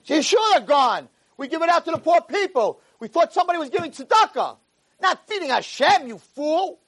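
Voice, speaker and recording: A man voicing a stern, angry rabbi who shouts and scolds a simple man. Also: extremely high pitch, sing-song, a little fast, voice pushed up, heavily acted. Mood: furious.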